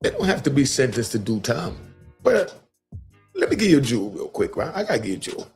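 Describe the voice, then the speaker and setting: A man's voice: mid-range voice, very animated, fast talker, darkish tone, faint music behind. A middle-aged man hosting a live stream, giving street-wisdom commentary in a preachy way and repeating key lines for emphasis.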